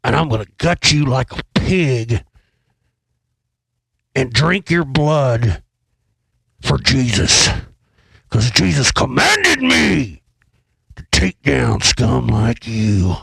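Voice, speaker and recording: A zealous, menacing ranter, as a man puts him on, dropping into a deeper and louder voice than his own. He stretches out each threat slowly, like a fire-and-brimstone preacher. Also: very animated, vocal fry, husky, dry recording, studio quality, exaggerated voice. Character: zealous ranting man issuing violent threats.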